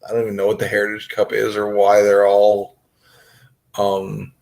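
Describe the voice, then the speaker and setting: A man co-hosting a podcast, chatting about wrestling in a relaxed, hedging way with lots of fillers. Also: lowish voice, moderate pace, gravelly. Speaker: podcast co-host. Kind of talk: casual wrestling chat.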